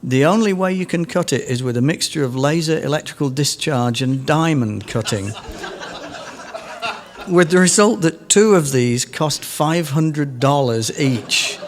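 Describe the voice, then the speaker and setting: A man's voice: fairly high pitch, normal speed, hardly any pauses, in a large hall, slight background noise. A middle-aged English man, a guitarist, telling a rambling, self-amused story between songs at a concert. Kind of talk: between-song stage anecdote. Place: concert stage in a museum.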